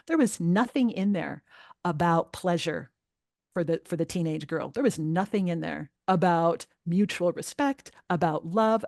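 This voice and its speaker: A middle-aged woman speaks as a guest in a parenting interview, earnest and emphatic, her voice sitting low. The sound is dry and close, with no room around it. She grows animated when something bothers her. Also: no echo. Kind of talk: podcast interview.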